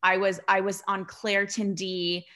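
A young adult woman hosting a podcast in casual chat, telling stories in an animated way with lots of fillers. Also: mid-range voice, moderate pace. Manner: chatty, animated storytelling with many fillers. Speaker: podcast host.

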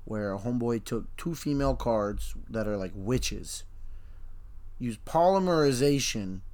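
A man's voice: medium pitch, animated, a little slow, a little mellow. Laid-back slangy man, incredulous. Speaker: podcast co-host. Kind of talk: casual anime review chat.

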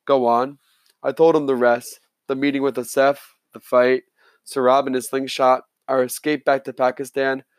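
A man's voice: medium pitch, level tone, moderate pace, clear, resonant tone, dry recording. Man narrating an audiobook, dry sound. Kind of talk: scripted narration.

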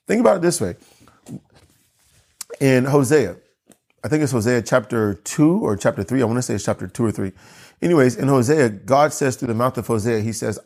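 A man preaching to his church, earnest and emphatic, slowing down on key phrases and correcting himself as he goes. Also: medium pitch, a little mellow. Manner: earnest preaching with pauses, slow emphatic repeats; self-correcting asides. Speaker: pastor. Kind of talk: sermon.

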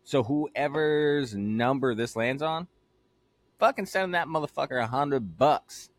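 A man's voice: medium pitch, measured pace, no echo. A young man co-hosting a casual podcast, loose, joking and swearing freely. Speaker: podcast co-host.

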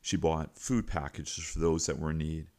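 A middle-aged man hosts a teaching podcast and spins a personal anecdote. His voice is low and deep, and he tells the story in a lively, folksy manner with plenty of asides to the listener. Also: moderate pace. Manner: animated, folksy retelling with repeated asides.

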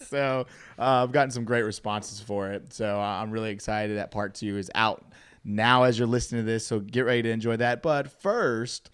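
A man hosting a podcast in a studio, telling stories in an animated, casual way and laughing often. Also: fairly low pitch, moderate pace. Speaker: podcast host. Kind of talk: casual chat.

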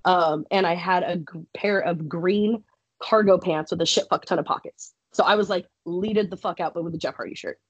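A woman's voice: lowish voice, normal speed, husky, dry recording, lo-fi sound. A young woman on a podcast telling a personal story casually, swearing freely and laughing often. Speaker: podcast guest, wrestler.

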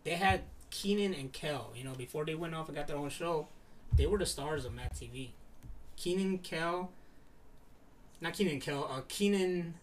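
Man, casual chat, animated, slightly higher voice, bit distant from mic, faint hiss. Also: moderate pace. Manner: animated, swears, many fillers.

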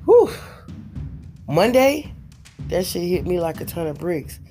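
Tired, hoarse woman telling a casual story. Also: on the low side, big pitch swings, a little fast, mellow, faint music behind. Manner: casual, profane, rambling with many fillers. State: tired and hoarse after a week of illness. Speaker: vlogger.

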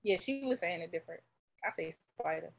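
A woman's voice: lowish voice, lively intonation, brisk, gravelly. A woman with a Maryland accent in casual chat, teasing and laughing often. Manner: teasing, laughs a lot, drawling.

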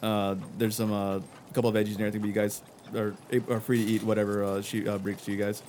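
A man's voice: fairly low pitch, monotone, quick pace, a little mellow, a little hiss or hum. A man narrating a tabletop game as game master, loose and rambling with many fillers.

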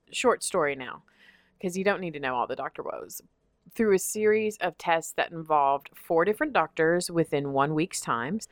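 A woman telling a long personal story in casual chat, expressive and laughing often. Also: deep voice, no echo, clean studio sound. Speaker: podcast guest telling a story.

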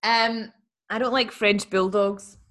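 A woman's voice: medium pitch, fairly even intonation, slow, a bit bright. A young woman, co-hosting a casual podcast, opinionated and playful. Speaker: podcast co-host. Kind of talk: casual chat.

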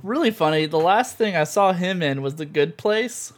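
A man co-hosting a podcast, talking in an excitable, gushing way full of fillers. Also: sits high, moderate pace, slight background noise. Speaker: podcast co-host. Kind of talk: casual chat.

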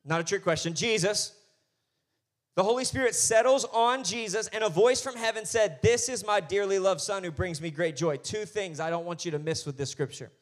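A man preaching a sermon as pastor, swinging between quiet asides and loud, emphatic lines. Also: high-pitched, moderate pace.

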